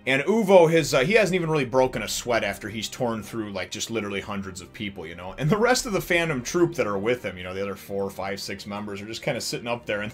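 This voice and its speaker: A man hosting a casual episode review, rambling and animated, full of fillers, chuckles and acted-out bits. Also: medium pitch, fast, few pauses, faint music behind. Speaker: anime reviewer and channel host.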